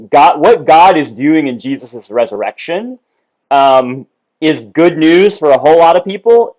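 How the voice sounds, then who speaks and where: Male Bible teacher, mid-pitched, casual and self-correcting, dull lo-fi recording. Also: a little mellow. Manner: conversational, many ums and self-corrections. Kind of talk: explaining a Bible passage at a whiteboard. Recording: slightly dull lo-fi sound.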